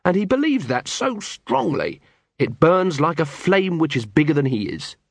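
A man's voice: on the high side, sing-song, creaky, no room sound. Man narrating an audiobook. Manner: measured storytelling. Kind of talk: scripted narration.

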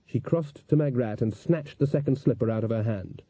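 A man narrating a story in an even, measured storytelling voice. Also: medium pitch, no echo. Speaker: audiobook narrator. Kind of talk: scripted narration. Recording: dull, dry lo-fi recording.

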